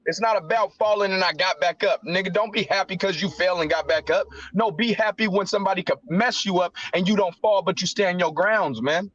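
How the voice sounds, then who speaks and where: A man's voice sits high and carries real feeling as he talks through scripture in an easy, slangy way. The audio is dull and lo-fi, like a stream with the top end cut off. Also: fairly quick, few pauses, fairly bright tone. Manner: impassioned, emotional, slangy. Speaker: Bible study participant. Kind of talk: casual scripture discussion on a livestream.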